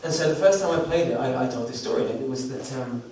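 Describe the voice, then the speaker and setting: A man's voice: medium pitch, fast, mellow. A man telling a rambling, self-deprecating story to introduce a song to a small audience during a live performance in a recording studio. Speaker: singer-songwriter performing live. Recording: roomy, distant live recording with background noise.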